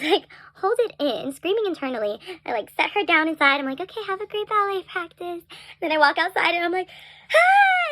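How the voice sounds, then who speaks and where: A young woman telling a story in a casual vlog, chatty and animated, full of "like" and little laughs. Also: sits high, no echo.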